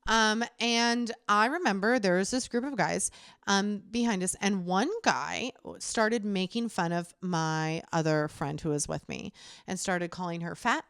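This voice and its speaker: A young adult woman co-hosting a podcast, animated and profane as she tells a story in casual chat. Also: mid-range voice, unhurried, clear, resonant tone, dry recording, studio quality. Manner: animated, swearing, laughs while telling. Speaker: podcast co-host.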